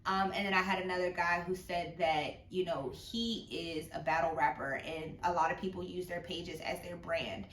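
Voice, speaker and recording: A woman's voice: on the low side, steady tone, moderate pace, hardly any pauses, a bit bright, reverberant, far from the mic, a little hiss or hum. A woman hosting a casual podcast, laughing often and talking loosely with plenty of fillers. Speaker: podcast host.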